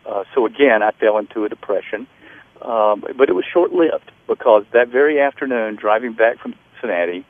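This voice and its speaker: A middle-aged man from North Carolina, an author telling a personal story in an interview, earnest and halting, with restarts and fillers. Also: fairly low pitch, lively intonation, no room sound. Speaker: author guest. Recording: tinny phone-line radio audio.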